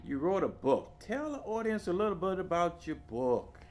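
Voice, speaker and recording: A man's voice: high-pitched, very animated, moderate pace, a little mellow. A man hosting a local talk show, asking his guest questions in a friendly way. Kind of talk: casual interview.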